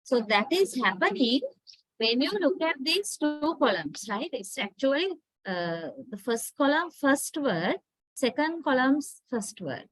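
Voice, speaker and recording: A woman's voice: high-pitched, big pitch swings, fairly bright tone, rough recording. A woman from Sri Lanka with a Sri Lankan English accent, giving an English pronunciation lecture and often checking in with "right?". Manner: slow, deliberate, checks with "right?". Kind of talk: online lecture.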